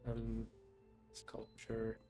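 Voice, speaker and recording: A man playing his own game on stream, muttering quiet casual commentary to himself. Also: on the low side, completely flat delivery, very slow, soft background music.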